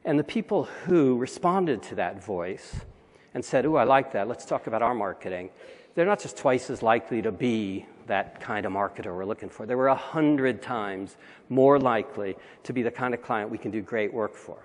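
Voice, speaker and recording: A man's voice: medium pitch, lively intonation, normal speed. A man giving a conversational conference talk with wry asides, recorded in a large hall. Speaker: conference speaker.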